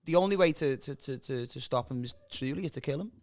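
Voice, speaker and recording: A man's voice: mid-range voice, quick pace, darkish tone. A man on a comedy podcast riffing on an improvised story, stammering into his jokes. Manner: playful, mock-posh jokes, stammering starts.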